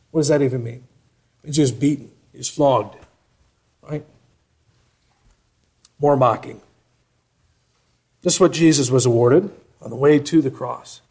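Emphatic higher-voiced male preacher. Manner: rhetorical questions, rising for emphasis then dropping soft. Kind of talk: sermon.

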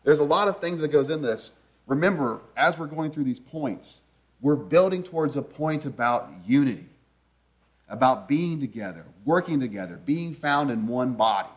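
A man's voice: medium pitch, lively intonation, moderate pace. A man preaching a sermon in an earnest, conversational teaching manner, often asking his listeners rhetorical questions.

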